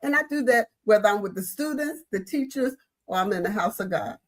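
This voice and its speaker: A woman on a panel telling a school story in a lively, animated way. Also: mid-range voice, fairly quick. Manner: animated storyteller, acts out quoted voices. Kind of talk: casual panel talk.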